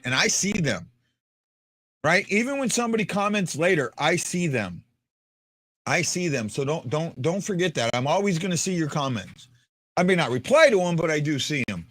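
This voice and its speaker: A man hosts a live fan stream with a slightly raised, very animated voice that rises and falls constantly. He rambles, jokes and talks to viewers in the chat by name. The sound is close and dry, with no room around it. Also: high-pitched, no echo. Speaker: livestream host.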